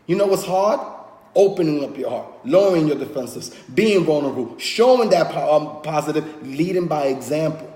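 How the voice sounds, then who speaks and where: A man in his thirties, a podcast host, chatting casually and telling animated stories about his friends. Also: a little high, moderate pace. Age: 30s. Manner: animated storytelling, acts out friends' voices. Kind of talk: casual chat. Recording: echoey room with long reverb.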